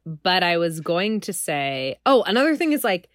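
A woman's voice: fairly low pitch, sing-song, normal speed, no room sound. A woman co-hosting a casual podcast chat, swearing and laughing freely. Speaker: podcast co-host. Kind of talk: casual chat reviewing a TV show.

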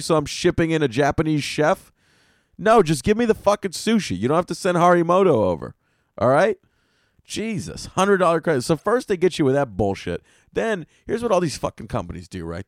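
A man's voice: fairly high pitch, sing-song, fairly quick, no echo, studio quality. A young man hosting a solo comedy podcast, ranting with heavy swearing, exasperation and sarcastic asides. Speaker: podcast host.

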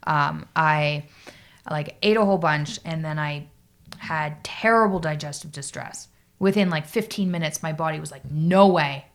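A woman with a low voice speaks as a podcast guest. She tells her story casually, in a halting way, full of fillers and "like". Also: a bit bright. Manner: halting, filler-heavy, lots of "like".

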